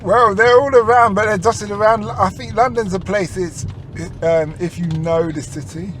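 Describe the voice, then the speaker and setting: A man's voice: sits high, normal speed, a bit bright, slight background noise. Upbeat man hosting in a taxi. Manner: upbeat, asks follow-up questions. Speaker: podcast host. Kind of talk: casual interview in a taxi. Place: inside a car on a city street.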